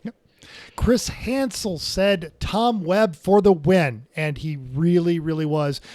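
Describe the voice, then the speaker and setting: A man's voice: on the high side, slow pace, darkish tone, no echo, clean studio sound. A man co-hosting a casual car-racing podcast, telling stories in an upbeat, joking way. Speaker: podcast co-host. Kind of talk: casual chat.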